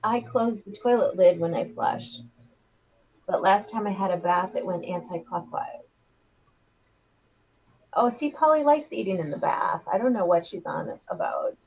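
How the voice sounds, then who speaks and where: A woman's voice: medium pitch, animated, a little slow, pauses often, darkish tone, slightly rough. A woman co-hosting a casual livestream chat, rambling and giggly as she riffs on ideas. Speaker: co-host. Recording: dull lo-fi stream audio.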